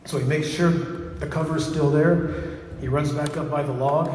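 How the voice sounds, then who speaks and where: A man telling a traditional story aloud to a live audience, speaking lively and turning to ask them questions. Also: a little high, normal speed, slight background noise. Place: large hall with a live audience. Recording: echoey hall from far off.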